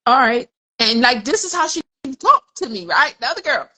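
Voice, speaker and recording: A woman's voice: high voice, big pitch swings, brisk, sharp tone, rough recording. A woman in her forties talking candidly in a casual podcast conversation. She tells personal stories and acts out the voices in her head. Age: 40s. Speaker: podcast co-host.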